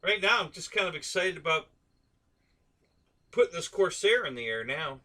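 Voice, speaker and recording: A man with a very bright, fairly high voice chats casually on a live stream. He rambles along, full of fillers and restarts, and keeps yawning. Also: very animated, moderate pace. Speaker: host of a radio-control aviation live stream.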